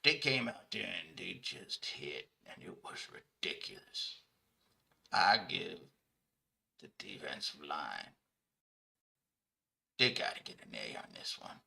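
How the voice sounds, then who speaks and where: A man doing a low, mumbling sports columnist. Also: wildly swooping pitch, slow pace, creaky, pauses often, sharp tone, breathy edge, exaggerated voice. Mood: dry. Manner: murmured delivery, grades players, mm-hmm asides.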